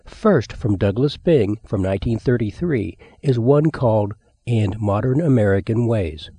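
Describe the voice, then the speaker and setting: Husky-voiced male radio host. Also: on the low side, animated, measured pace, warm tone, no room sound. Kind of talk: casual record introductions.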